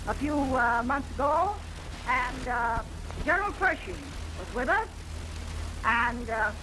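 A woman entertainer giving a chatty stage monologue, pausing often with hesitant fillers. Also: high voice, noisy background. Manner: chatty, with many hesitant pauses.

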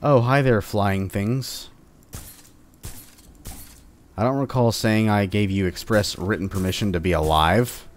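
A man's voice: lowish voice, unhurried, long pauses. A man playing through a game with casual commentary, teasing and taunting the enemies in a playful, joking way. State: sore upper back. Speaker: let's-play host.

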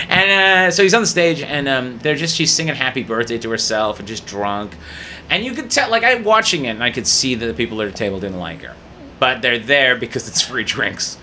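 A man, a guest comedian on a studio podcast, telling a profane story in an animated way, laughing often and acting out the people in it. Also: mid-range voice, fairly quick, slight background noise.

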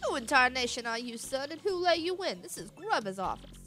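A woman's voice: high voice, sing-song, a little fast, pushed and bright, soft background music, pitched above the performer's own voice, exaggerated voice. A woman voicing a folksy, boastful older male fight promoter with a drawl, reading game dialogue aloud. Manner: folksy drawl, calls everyone son.

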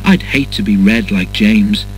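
A man's voice: lowish voice, unhurried, faint music behind, close to an everyday voice, low-quality recording. A man voicing a touchy, impatient male steam engine with a huffy way of talking, in a storybook reading. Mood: content.

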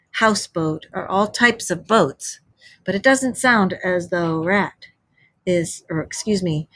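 A woman teacher reading a classic animal story aloud to children, pausing to explain words and events. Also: on the low side, no echo.

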